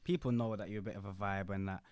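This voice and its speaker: A man's voice: fairly low pitch, steady tone, fast, darkish tone, clear, resonant tone, no room sound. A young man with a Manchester accent co-hosting a casual chat show, slangy and often asking "you get me". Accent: Manchester English. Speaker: podcast co-host.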